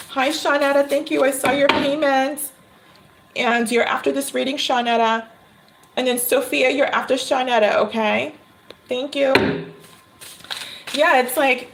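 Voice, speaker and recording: A chatty woman reads tarot cards on a casual livestream, laughing often and acting out little scenes. Her voice sits a touch high. A faint hiss lies behind her. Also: fairly even intonation, measured pace, pauses often. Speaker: tarot reader.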